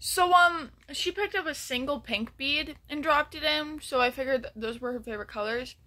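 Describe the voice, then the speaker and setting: A woman's voice: high-pitched, normal speed, pushed and bright. A woman telling a story in a casual vlog, rambling with many ums and restarts and sometimes dropping to a near whisper. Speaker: vlogger.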